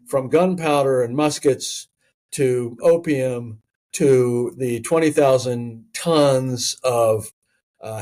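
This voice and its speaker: A man, an author guest, telling history in a measured, storytelling way, pausing often on fillers. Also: medium pitch, darkish tone. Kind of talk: conversational history interview.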